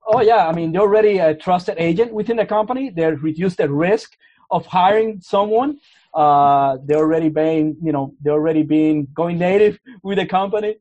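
A man's voice: high voice, normal speed, darkish tone, dry recording, dull audio. A man with a Canadian accent, a guest in a casual interview, talking earnestly and restarting his words often. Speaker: guest, army officer.

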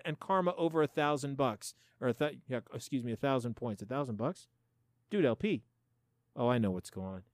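Man, forties, sarcastic profane show host, high voice, very lively, dry close mic. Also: no room sound. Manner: animated, sarcastic, swears a lot. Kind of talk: profane casual commentary.

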